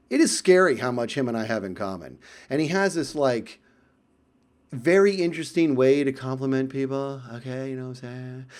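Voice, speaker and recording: A man telling a story to camera in a casual vlog, chatty and animated, with frequent asides and fillers. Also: medium pitch.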